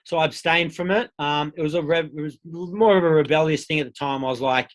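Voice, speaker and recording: A man's voice: a little high, steady tone, fairly quick, hardly any pauses. An Australian man in his thirties, a podcast guest telling his own story in a candid, casual way with plenty of swearing. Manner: candid, swears freely, acts out quoted voices.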